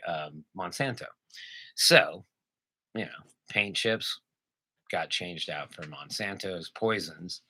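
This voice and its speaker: Brief: male comic co-host, lowish pitch, bright tone, dry close mic, profane and laugh-prone banter. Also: no echo. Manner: profane, laughs often, jokey impressions. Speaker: podcast co-host. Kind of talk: crude comedic banter.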